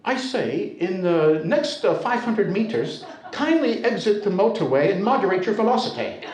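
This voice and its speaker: A man's voice: sits high, very animated, moderate pace, reverberant, crowd noise, rough recording. A prim British GPS voice, as a man puts it on. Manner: overly polite and formal.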